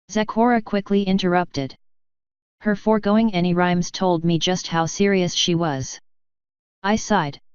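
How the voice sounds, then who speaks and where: A woman narrating a fan fiction story in a wry, even way. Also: on the low side, unhurried, smooth, dry recording, muffled recording. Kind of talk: audiobook narration.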